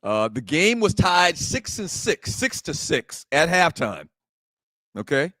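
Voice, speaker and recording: Bright high-voiced sports talk man. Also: very animated, slow pace, no room sound. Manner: building the story, incredulous outbursts. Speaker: sports talk show co-host.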